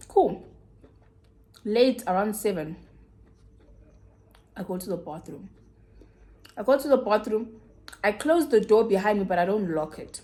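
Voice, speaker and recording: A young woman with a South African accent, telling a personal story in a casual, animated way with big swings in pitch. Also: normal speed, long pauses. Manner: animated, dramatic retelling with swooping pitch. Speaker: YouTuber.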